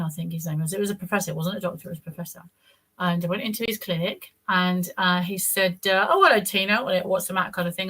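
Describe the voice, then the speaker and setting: Bright-voiced woman recounting. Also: fairly low pitch. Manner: rambling, repeats words, acts out others' lines. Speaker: guest telling her story. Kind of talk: casual personal account.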